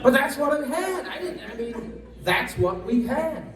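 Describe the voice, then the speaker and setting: Guy speechifying at a lunch event, highish voice, roomy hall, mic kinda far off. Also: very animated, unhurried, crowd noise, background noise. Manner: vivid retelling, acts out the people he quotes, frequent restarts. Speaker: congressman giving a guest talk. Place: luncheon event room, indoors.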